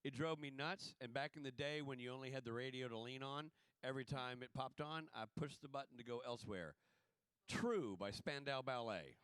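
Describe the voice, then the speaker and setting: A man from the American South, a panel guest and TV director, telling animated, joking stories in a casual convention Q&A. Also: mid-range voice, fairly quick, clear, resonant tone, no echo. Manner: animated storyteller, jokey, acts out voices. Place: convention hall stage.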